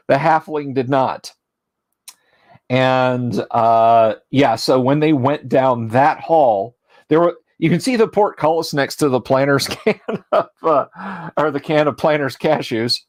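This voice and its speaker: A man's voice: on the high side, expressive, a little slow, no echo. A man hosting a casual livestream as game master, talking in a rambling, chatty and self-deprecating way, his voice tired from talking all day.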